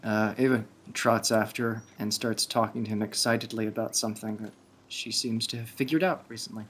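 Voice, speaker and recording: A man's voice: lowish voice, steady tone, fairly quick, breathy edge. A man playing a tabletop game, hesitantly describing his character's actions. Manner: hesitant, casual. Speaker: player.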